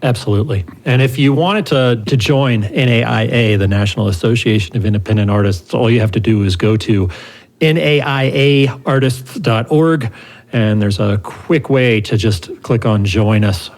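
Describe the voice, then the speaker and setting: A middle-aged man co-hosting a podcast, telling stories in a relaxed, self-deprecating way. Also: lowish voice, moderate pace. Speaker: podcast co-host. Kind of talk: casual conversation.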